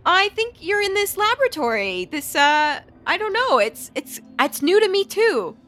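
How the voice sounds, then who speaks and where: A soothing, protective adventurer, played by a woman in a tabletop game, speaking high and lively with a reassuring tone. She talks gently and kindly throughout. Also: moderate pace, faint music behind, full character voice.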